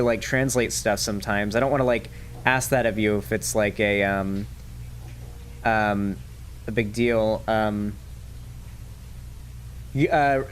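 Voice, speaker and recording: With a medium-pitched voice and slight background noise, a man hosts a casual livestream, chatting and reading donations. His talk rambles, full of fillers and restarts.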